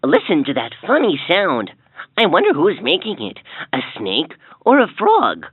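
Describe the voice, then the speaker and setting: A woman voicing an upbeat young hero in a toy's story, speaking with bright enthusiasm. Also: fairly low pitch, wildly swooping pitch, unhurried, breathy edge, dry recording, heavily acted. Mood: cheerful. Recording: tinny lo-fi toy speaker with soft music.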